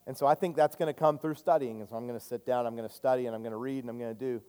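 Male pastor, 30s, mid-pitched, confessional sermon voice with big dynamic swings, long church reverb. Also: fairly even intonation, very fast, smooth. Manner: earnest, confessional, swinging from loud to hushed. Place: church sanctuary.

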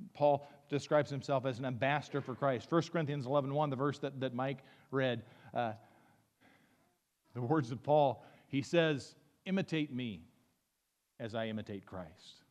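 A man's voice: mid-range voice, a little mellow. Preaching man in a reverberant church hall. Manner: earnest, building to emphatic peaks, reads scripture aloud. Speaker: pastor. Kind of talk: sermon. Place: church sanctuary.

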